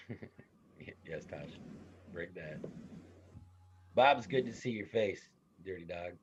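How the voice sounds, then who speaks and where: Animated lecturing man, low voice. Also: slow pace, highs cut off, a little hiss or hum. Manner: animated, conversational, tells family stories. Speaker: psychology instructor. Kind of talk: classroom lecture.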